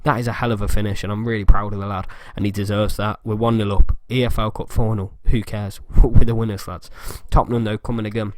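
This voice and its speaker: A man giving excitable fan commentary over a football video game, close to his mic. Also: on the low side, fast talker, few pauses, no room sound. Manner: excitable fan banter, bursts of shouting. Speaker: gaming YouTuber. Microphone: close desk mic.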